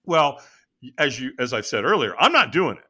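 A man telling a personal story as an interview guest, in an animated, dramatic way. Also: mid-range voice, moderate pace, husky.

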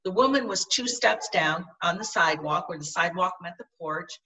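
A middle-aged woman recounts a personal experience in an earnest, halting way, circling back and restarting her phrases. Her tone is bright and sharp. She sits a little away from the microphone. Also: lowish voice, animated, far from the mic, low-quality recording. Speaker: guest. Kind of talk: personal storytelling in conversation.

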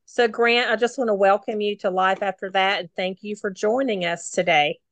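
Host: woman, mid-pitch voice, dry close recording. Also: steady tone, normal speed, gravelly, no room sound. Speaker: podcast host. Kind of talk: interview hosting.

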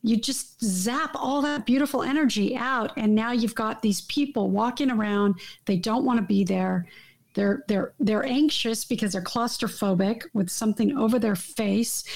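Animated woman with a gravelly edge. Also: on the high side. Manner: emphatic, animated, trails off and restarts often. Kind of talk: casual conversation. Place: Los Angeles.

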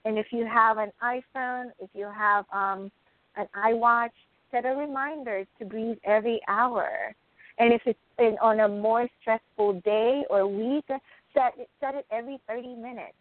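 Calm woman coach on a phone line. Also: on the high side, moderate pace, no echo. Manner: calm, guides a breathing exercise by counting. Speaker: spiritual life coach. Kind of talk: casual conversation, giving advice.

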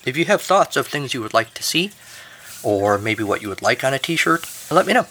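A man's voice: mid-range voice, very animated, normal speed, bright, forceful tone, a little hiss or hum. A man hosting a podcast, narrating a comic story and reading the outro with dry, jokey asides. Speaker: podcast host.

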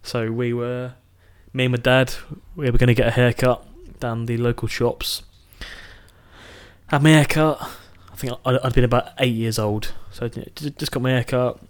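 British guy, twenties, podcast co-host, lively casual storyteller, medium pitch. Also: moderate pace, clean tone. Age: 20s. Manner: animated anecdote telling, swears casually.

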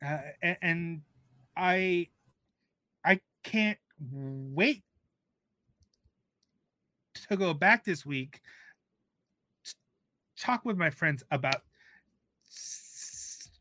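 Slow, measured Texan man, dry sound. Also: a little high, expressive, pushed and bright, dry recording. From Texas. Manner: measured, halting, with restarts. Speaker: guest food writer. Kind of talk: radio panel discussion.

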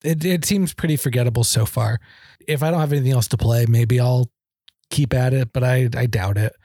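A man's voice: mid-range voice, brisk, warm tone, no echo. A man co-hosting a casual conversation, sounding laid-back and jokey. He pushes back skeptically on points, and the recording is dry and close. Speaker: podcast co-host. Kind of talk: casual chat about video games.

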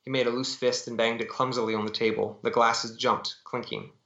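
A man, an author, reading his own novel aloud in steady, dramatic first-person narration over a video call. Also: mid-range voice, fairly quick. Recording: dull echoey call audio.

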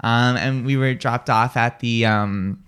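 A woman's voice: very deep voice, fairly even intonation, a little slow, clear, resonant tone. Rambling giggly woman radio host. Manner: rambling, giggly, playful, slips into silly voices. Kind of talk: casual chat.

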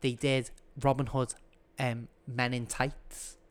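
A woman's voice: rumbling low, flat delivery, slow. A woman hosting a music quiz on a podcast, chatty and enthusiastic, talking casually with her co-hosts. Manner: chatty, enthusiastic, sings snippets. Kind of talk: casual chat.

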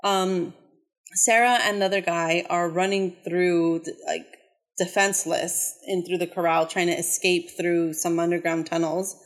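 A woman's voice: lowish voice, fairly even intonation, a little slow. Woman, casual podcast talk, rambling, lots of fillers. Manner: rambling plot retelling with many fillers. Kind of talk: casual movie chat.

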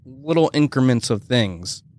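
A man's voice: mid-range voice, expressive, unhurried, a little mellow. A man co-hosting a podcast in loose casual chat, rambling with lots of "like" and swearing. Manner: rambling, heavy use of "like" and swearing. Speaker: podcast co-host.

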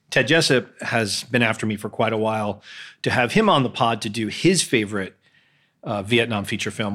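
In this casual solo podcast, a man gives his frank, opinionated take on films, often hesitating as he talks. His voice is fairly low in pitch with a slightly bright quality.

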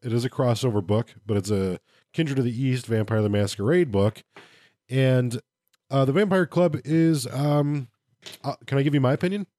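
A man's voice: mid-range voice, moderate pace, warm tone, no echo, studio quality. A man co-hosting a podcast who reviews game books in casual chat and gives blunt opinions with plenty of fillers.

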